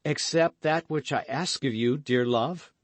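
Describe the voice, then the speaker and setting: A man's voice: medium pitch, a little slow, dry recording, pitched above the performer's own voice, close to an everyday voice. Man doing D'Artagnan, an ardent young swordsman. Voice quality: impassioned, exclaiming. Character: ardent young male swordsman, passionate and rash.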